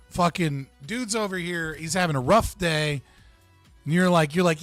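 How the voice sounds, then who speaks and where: A man's voice: fairly high pitch, a little fast, no room sound. A man with a slightly raised voice hosts a live stream in loose, casual chat. He swings into joking, swearing rants, and his voice sits close and dry on the mic, with faint music underneath. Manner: animated, swearing, joking outbursts. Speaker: livestream host.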